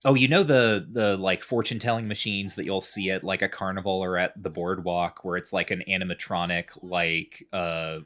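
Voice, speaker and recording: A man's voice: low-pitched, fairly even intonation, normal speed, few pauses, fairly bright tone. A man in casual podcast chat, rambling through a game recap with lots of fillers. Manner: rambling, many fillers, chatty explaining. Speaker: podcast co-host.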